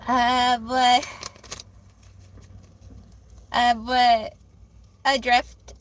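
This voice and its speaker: High-voiced young woman, childlike tone. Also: little pitch movement, drawn-out words. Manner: chatty, giggly, reads chat aloud. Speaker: livestream tarot reader. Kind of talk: casual livestream chat.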